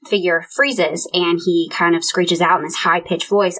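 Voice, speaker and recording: A woman's voice: lowish voice, steady tone, moderate pace, few pauses, poor audio. A woman co-hosting a true crime book club podcast, retelling a case and voicing quotes along the way. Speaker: podcast co-host.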